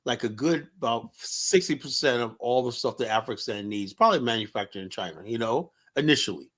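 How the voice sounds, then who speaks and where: A man hosting an online panel, calming guests and asking questions in a relaxed way. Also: medium pitch, fairly quick. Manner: calming, conversational, asks questions. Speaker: panel host.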